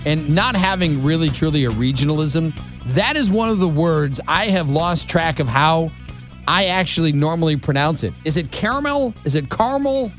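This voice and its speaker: A man hosting a morning talk radio show, his voice sitting a little high for a man. He talks easily and chattily, with faint music under him. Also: normal speed, a bit bright. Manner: easygoing, chatty, filler-heavy.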